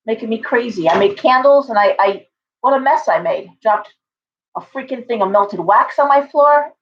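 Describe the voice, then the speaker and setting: A woman's voice: on the high side, lively intonation, normal speed, lo-fi sound. A woman hosting a casual livestream from home, chatting in a rambling way with viewers and her pet bird. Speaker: livestream host and tarot reader.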